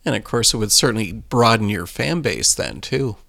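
A man's voice: on the low side, lively intonation, moderate pace, gravelly, pushed and bright. A man interviewing a guest, asking short conversational questions. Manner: brief, conversational prompts.

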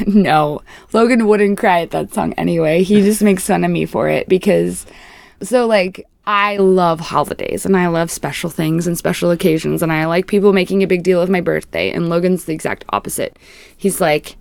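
A young woman with a low, gravelly voice chats as an interview guest, rambling and reflective and full of "like". The sound is dry and close, with no room around it. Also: fairly even intonation, moderate pace, darkish tone, no room sound. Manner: rambling, heavy use of "like", reflective. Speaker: musician guest. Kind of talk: casual interview chat.

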